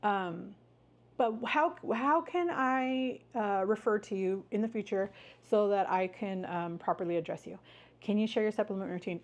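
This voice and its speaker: Woman, livestream host, casual chat, upbeat, encouraging, greets viewers by name, mid-pitched voice. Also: darkish tone, lo-fi sound.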